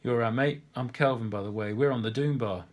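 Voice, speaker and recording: A man's voice: medium pitch, brisk, lightly acted. A man reading a story aloud and voicing a brash, nosy, overfamiliar man with a London accent. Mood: cheeky. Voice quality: blunt, matey.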